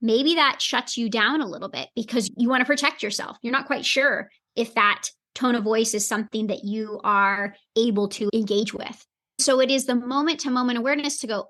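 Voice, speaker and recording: A woman's voice: on the high side, normal speed, fairly bright tone. A woman health coach, a podcast guest, explaining earnestly and acting out bits of inner dialogue. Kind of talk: podcast interview answer.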